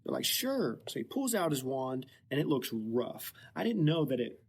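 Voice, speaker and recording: A man hosting a casual book podcast, retelling the plot playfully with quick joking asides. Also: medium pitch, very animated, a little mellow, husky. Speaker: podcast host.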